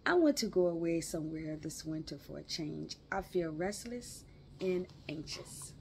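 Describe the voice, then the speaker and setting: A woman's voice: deep voice, very animated, fairly quick, gravelly, mellow, a little hiss or hum, exaggerated voice. A woman reading aloud the lines of a restless, spirited young woman in a storybook reading. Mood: earnest.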